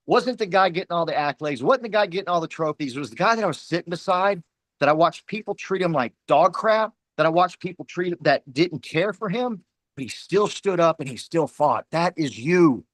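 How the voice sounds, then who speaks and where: A man's voice: fairly high pitch, expressive, brisk, no echo. Fiery motivational man, dry close sound. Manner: fiery, preachy, emphatic repetition. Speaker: team leader speaking at a company huddle. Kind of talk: motivational pep talk.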